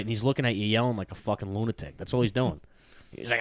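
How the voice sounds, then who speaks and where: Young male podcast co-host, lowish voice, quick and profane, dry close mic. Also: dry recording. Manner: profane, quick, asks probing questions. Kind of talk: casual chat.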